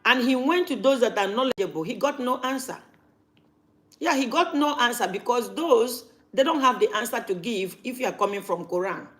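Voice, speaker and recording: A woman's voice: a little high, expressive, normal speed, a bit bright. A woman, talking casually to camera as a vlogger and repeating her points for emphasis.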